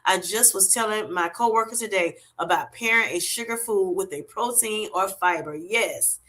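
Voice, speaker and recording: A middle-aged woman hosts a casual live stream. She reads out viewer comments and answers them in an affectionate, chatty way, calling people honey. Her voice is bright and sits at a middle pitch. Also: normal speed. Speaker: livestream host.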